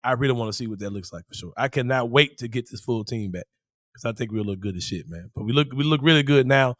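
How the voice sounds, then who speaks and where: A man co-hosting a sports podcast in casual chat, slangy and quick to laugh. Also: mid-range voice, no echo, clean studio sound. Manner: slangy, laughs often, says bro. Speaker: podcast co-host.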